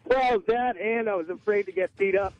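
A man with a slightly high voice calls in to a radio show. He speaks plainly and matter-of-factly. The phone line sounds dull and muffled. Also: normal speed. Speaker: caller. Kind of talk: phone-in story. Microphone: telephone.

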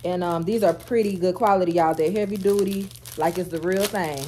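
A woman vlogger chatting to camera at home, animated and talkative, calling her viewers y'all, girl and baby. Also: fairly low pitch, brisk, a little hiss or hum. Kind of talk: casual get-ready-with-me chat to camera.

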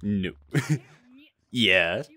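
A man playing VR tag live with viewers, talking over a headset mic and shouting and laughing as he plays. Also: fairly low pitch, animated, very slow, no room sound. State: out of breath. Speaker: gaming YouTuber. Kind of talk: live VR gameplay commentary.

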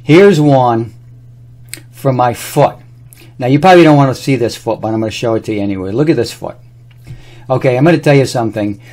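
Man, casual talk to camera, rambling, anecdotal, mid-pitched voice. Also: fairly quick, pauses often, a little mellow. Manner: rambling, anecdotal, shows on his own body. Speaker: presenter demonstrating a health product.

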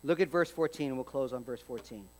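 A pastor preaching a sermon, swinging between loud emphasis and near-quiet asides, with humorous remarks along the way. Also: male voice, mid-range voice, quick pace.

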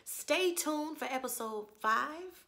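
Woman host with a strained, hoarse voice and a raspy fry, chatty and opinionated, fond of rhetorical questions. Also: high-pitched, lively intonation, slow, pushed and bright. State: hoarse, lost her voice. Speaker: TV review channel host. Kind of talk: casual spoken TV episode review.

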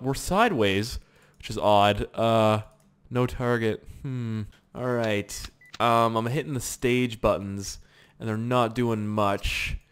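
Rambling, self-mocking gamer guy. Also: medium pitch. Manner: rambling and self-mocking, swears, sudden excited outbursts. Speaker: gaming YouTuber. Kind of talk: casual gameplay commentary.

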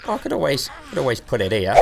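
A man's voice: mid-range voice, huge pitch swings, racing, vocal fry, very noisy. A young man giving let's play commentary, cheeky and taunting, laughing often. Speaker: gaming streamer.

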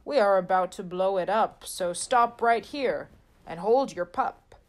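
A woman voicing a worker man who shouts urgent warnings in a read-aloud picture book. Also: mid-range voice, a little slow, lightly acted. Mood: urgent alarm.

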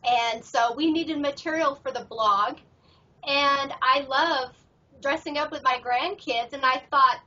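A woman's voice: high voice, a little slow, pushed and bright. A middle-aged woman, a professional tarot reader, chatting upbeat about her work as an interview guest. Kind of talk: casual interview chat. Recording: muffled audio from far off the mic.

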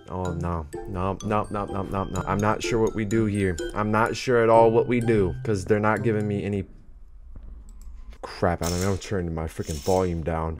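A young man doing let's play commentary on a horror game, jumpy and excitable, talking to himself and his chat and reading game text aloud. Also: deep voice. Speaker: gaming YouTuber. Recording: music playing behind voice. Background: background game music.

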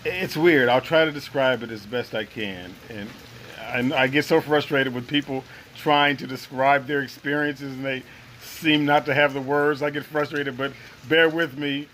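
A man's voice: mid-range voice, steady tone, unhurried, bright, forceful tone, a little hiss or hum, rough recording. A man earnestly recounting a personal experience in first person, reflective and searching for the right words. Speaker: guest sharing a personal experience.

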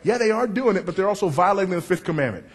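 A middle-aged man preaching a sermon with a big voice, emphatic and wry, dropping low and rising loud for effect. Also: animated, racing, breathy edge. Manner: confessional and wry, working the crowd.

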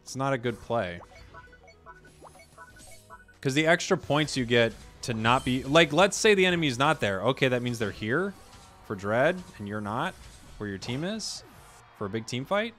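A man's voice: mid-range voice, normal speed, pauses often, soft background music. A man giving casual, joking commentary while playing a video game, ranting at teammates. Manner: joking, animated, rants at teammates. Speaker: gaming streamer.

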